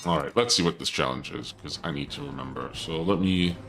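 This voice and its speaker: A man's voice: a bass voice, brisk, creaky, fairly bright tone, soft background music. A male streamer chatting casually to his viewers and muttering self-critically while he plays a game. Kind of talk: casual gameplay commentary.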